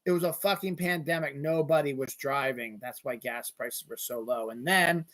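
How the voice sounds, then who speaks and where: A man hosting a solo podcast, ranting angrily with heavy swearing and sudden bursts of yelling. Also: mid-range voice, normal speed. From Eastern United States. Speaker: podcast host. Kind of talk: solo rant.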